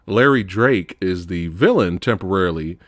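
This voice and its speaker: A man hosting a casual movie review chat, animated, laughing often and acting out characters in high voices. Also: normal speed, dry recording, clean studio sound. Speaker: host.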